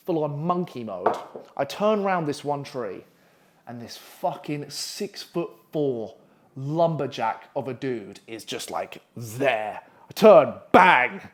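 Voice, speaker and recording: A young man in his twenties tells a long story to the camera in a casual, swearing, animated way. His voice sits a bit high for a man, and he rambles with plenty of "like" and "anyway". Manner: profane, animated, rambling with frequent fillers.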